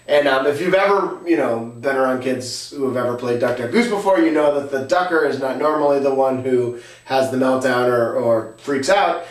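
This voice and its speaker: Halting storyteller man in a roomy echo. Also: medium pitch. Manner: halting, with frequent "uh" fillers. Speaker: podcast host. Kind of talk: casual storytelling. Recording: roomy, distant from the mic.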